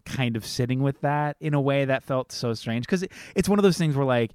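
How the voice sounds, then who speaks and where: Animated young man telling a story. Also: mid-range voice, a little fast, clear, resonant tone, dry recording. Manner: animated, expressive storytelling with swearing. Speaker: podcast co-host. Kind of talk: casual chat.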